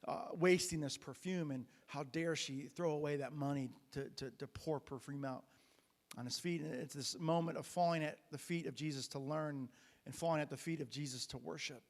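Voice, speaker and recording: A man's voice: fairly high pitch, steady tone, normal speed, in a large hall. A man preaching a sermon as pastor, retelling a Bible story in a conversational way with frequent restarts and fillers. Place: church sanctuary.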